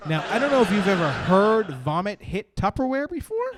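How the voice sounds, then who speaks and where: Animated profane young comedian man. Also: high-pitched, a little fast, noisy background. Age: young adult. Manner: animated, profane, jumps into shouted punchlines. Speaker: stand-up comedian. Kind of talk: stand-up storytelling on a live stream.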